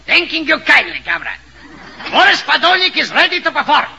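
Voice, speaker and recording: An actor playing a pompous, boastful Russian stage actor in a mock Russian accent, grandly calling himself by name in a 1930s radio comedy. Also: male voice, very high voice, big pitch swings, a little fast, gravelly, bright, forceful tone, muffled recording, full character voice. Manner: grandiose, speaks of himself in third person. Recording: hissy 1930s radio recording.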